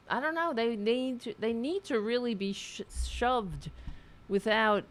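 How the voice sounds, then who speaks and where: A woman hosting a political talk show, talking with a caller in a blunt, outspoken way, swearing freely and often restarting her sentences. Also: mid-range voice.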